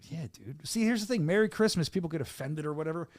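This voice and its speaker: A middle-aged man hosting a podcast, joking and animated in casual chat. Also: on the high side, no room sound, studio quality. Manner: animated, joking, fast-talking. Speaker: podcast host.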